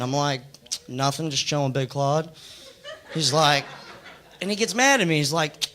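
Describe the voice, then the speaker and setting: A young American man doing a stand-up set, rambling and deadpan with lots of fillers. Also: a little high, fairly quick. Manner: laid-back, rambling, deadpan jokes with fillers. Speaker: stand-up comedian. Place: comedy club stage. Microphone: handheld stage mic. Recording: noisy club recording. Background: audience noise.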